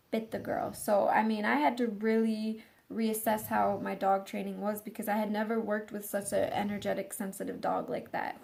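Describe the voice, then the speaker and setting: A woman's voice: medium pitch, gravelly, a little mellow. A woman dog trainer casually telling a rambling story, full of fillers and restarts.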